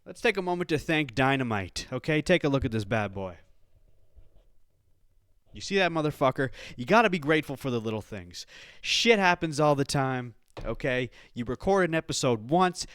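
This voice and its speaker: Loud, swearing young man ranting. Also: medium pitch, big pitch swings, moderate pace, smooth, dry recording, clean studio sound. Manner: loud, agitated, swears constantly. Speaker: podcast host. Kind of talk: casual profane rant.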